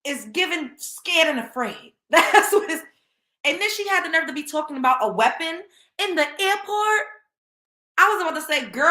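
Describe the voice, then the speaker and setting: A woman hosting a casual commentary show, animated and slangy, laughing often. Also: high-pitched, roomy sound. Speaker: show host.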